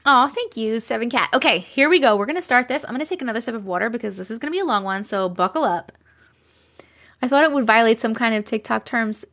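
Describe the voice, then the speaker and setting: A woman's voice: on the high side, expressive, quick pace, a bit bright. A woman in her thirties hosting a casual live stream, bubbly and chatty, thanking viewers and reading comments aloud. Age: 30s.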